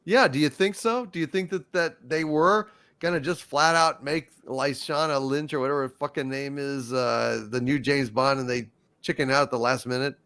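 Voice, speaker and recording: A man's voice: medium pitch, fairly even intonation, normal speed, a bit bright, clean tone. A man hosting a live stream, reading out viewer super chats and ranting with profanity and stammered restarts. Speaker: livestream show host reading super chats.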